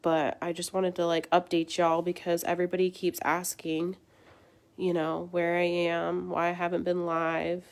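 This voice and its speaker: A young woman hosts a casual livestream, her voice congested and sore from illness. She talks in a chatty, venting way, low-pitched for a woman, telling her viewers about her frustrations. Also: completely flat delivery, normal speed. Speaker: beauty livestream host.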